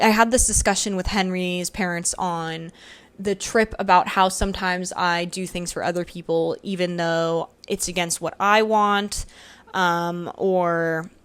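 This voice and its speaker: A woman's voice: fairly low pitch, smooth, no room sound. A young woman hosting her own podcast, talking through her thoughts in a chatty, reflective way with frequent fillers, recorded at home. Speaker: podcast host. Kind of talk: casual solo podcast reflection. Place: home room where she records.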